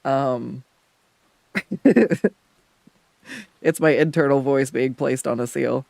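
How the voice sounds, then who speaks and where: A man's voice: mid-range voice, steady tone, slow pace, gravelly, dry recording. A man streaming his drawing work, chatting casually, laughing often and joking about himself. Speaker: art streamer. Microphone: desktop USB condenser mic.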